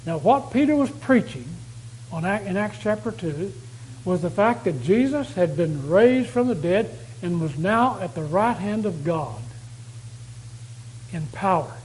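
A man's voice: sits high, animated, measured pace, low-quality recording. A man preaching a sermon, reading scripture aloud and repeating key phrases for emphasis. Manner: reads verses aloud louder and more declaiming.

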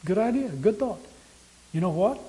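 A man's voice: high voice, animated, normal speed, mellow, low-quality recording. A man preaching a sermon who speaks straight to his listeners, casts them as characters and asks them many rhetorical questions.

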